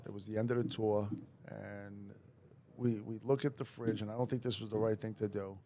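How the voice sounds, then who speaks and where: A man's voice: on the low side, steady tone, moderate pace, dark tone. A man in his fifties hosting a podcast interview, talking in a blunt, conversational way with casual swearing. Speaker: podcast host.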